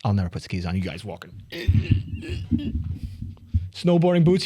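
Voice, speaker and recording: A man's voice: on the low side, sing-song, normal speed, mellow, husky. A man hosting a podcast, firing off playful questions in a rambling, joking way. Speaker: podcast host. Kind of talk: casual chat.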